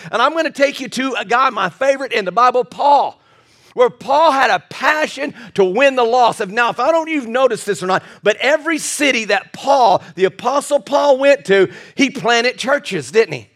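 High-voiced, animated man preaching a sermon. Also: moderate pace. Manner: energetic and animated, with frequent stammered restarts and bursts of loud emphasis; folksy and humorous with the congregation. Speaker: pastor. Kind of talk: sermon with personal stories. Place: church service.

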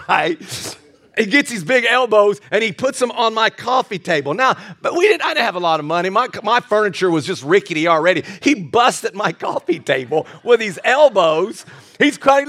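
High-voiced, animated man preaching a sermon. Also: moderate pace. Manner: energetic and animated, with frequent stammered restarts and bursts of loud emphasis; folksy and humorous with the congregation. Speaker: pastor. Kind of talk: sermon with personal stories. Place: church service.

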